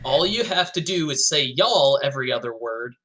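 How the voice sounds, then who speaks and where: Bright-voiced joking man. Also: medium pitch, expressive, moderate pace, a little hiss or hum. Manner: joking, mock-explains accents. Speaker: player. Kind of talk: casual group chat over voice call.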